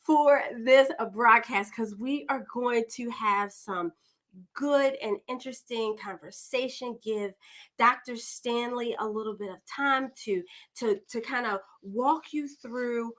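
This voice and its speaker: A woman's voice: fairly high pitch, takes it slowly, a bit bright. A woman hosting a podcast, introducing her guest in a chatty, digressive way, often calling listeners "y'all.". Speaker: podcast host.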